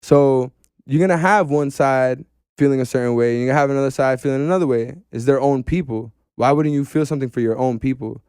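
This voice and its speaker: A man talking casually as a podcast guest, animated and slangy, saying "bro" often. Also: medium pitch, fast talker, smooth, no echo, studio quality.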